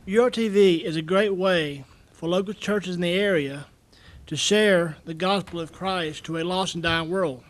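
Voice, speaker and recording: A man giving an earnest, halting public comment at a county meeting podium, repeating his words as he goes. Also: high voice. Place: county commission meeting room.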